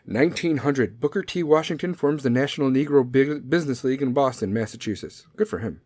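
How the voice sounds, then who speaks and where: A man's voice: mid-range voice, brisk, a little mellow, no echo. A man hosting a talk show, casually riffing on history dates with lots of profanity, sarcasm and his own laughter. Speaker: podcast host.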